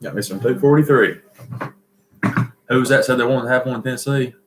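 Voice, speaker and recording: A man's voice: medium pitch, fairly quick, noisy background. Folksy Southern male livestream host, echoey room. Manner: folksy, rambling, reads viewer comments aloud. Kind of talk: casual livestream chat.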